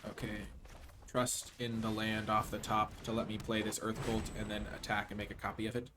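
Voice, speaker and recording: A man streaming a card game, talking low-key and joking, then breaking into loud theatrical cheers. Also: completely flat delivery, fairly quick, background noise. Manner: playful, jokey asides. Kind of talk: live game-stream commentary.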